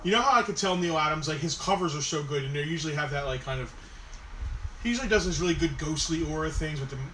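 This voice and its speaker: A man co-hosting a casual live-stream sale, quick and offhand with joking banter, recorded at a distance from the mic. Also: a little high, expressive, a bit bright, slight background noise. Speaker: co-host. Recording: distant mic in a roomy space.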